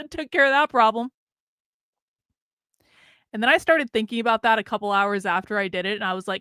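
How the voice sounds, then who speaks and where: A woman's voice: a little high, fairly quick, pauses often, pushed and bright, clean tone, no room sound, clean studio sound. A woman streaming a casual, candid monologue, swearing freely and laughing often, with an American accent. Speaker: streamer and commentator.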